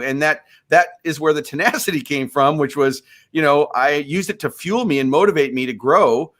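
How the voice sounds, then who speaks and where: A man's voice: a little high, moderate pace, few pauses, fairly bright tone. A man in his fifties, from Minneapolis, a podcast guest telling a personal story in an earnest, motivational way, often restarting his sentences. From USA, Minneapolis. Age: 50s. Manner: earnest, motivational, repeats words when starting sentences. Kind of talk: conversational storytelling.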